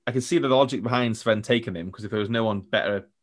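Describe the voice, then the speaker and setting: Male podcast co-host, low-pitched, easygoing banter with a joking streak. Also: fast talker. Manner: jokey, laughs often, acts out quotes. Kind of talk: casual football podcast chat.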